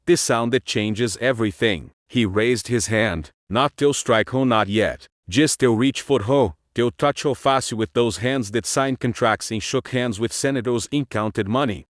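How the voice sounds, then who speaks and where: Guy narrating a spooky story, slow and moody, dry close sound. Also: mid-range voice, dry recording. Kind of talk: scripted first-person narration.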